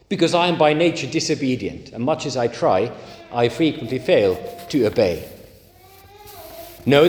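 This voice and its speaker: A man preaching a sermon, leaning hard and slowly on key words. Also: mid-range voice, darkish tone. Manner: emphatic, slow stresses on key words. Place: church. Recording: echoey church hall.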